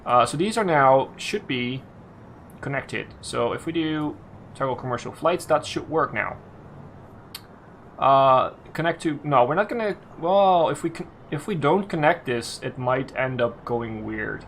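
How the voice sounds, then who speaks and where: A man's voice: mid-range voice, lively intonation, a little slow, fairly bright tone, slight background noise. Man thinking aloud over a game. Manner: thinks aloud, restarts and self-corrects often. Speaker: let's play host. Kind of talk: casual game commentary.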